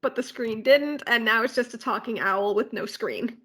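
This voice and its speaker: Bright and fairly high-pitched, this podcast co-host speaks at a moderate pace. She gives a loose, rambling walkthrough of a theme park ride, sprinkled with fillers and side comments.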